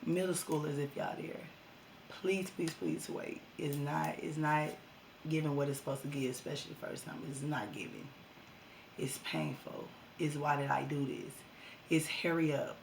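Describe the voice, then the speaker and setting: A young woman telling a casual storytime vlog to her viewers, animated and slangy. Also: low voice, normal speed, creaky, roomy sound, slight background noise.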